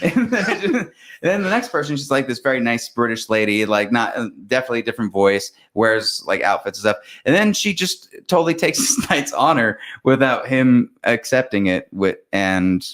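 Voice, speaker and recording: A man's voice: medium pitch, moderate pace, few pauses. A man co-hosting a podcast, giving a casual movie review with lots of laughter and jokes. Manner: laughing, jokey, animated retelling. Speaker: podcast co-host.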